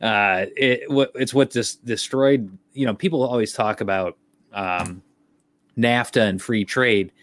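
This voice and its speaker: A man's voice: on the low side, fairly bright tone. A man with a nasal Midwestern accent chatting casually, loose and profane, sometimes searching for words. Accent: Midwestern American. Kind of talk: casual podcast chat.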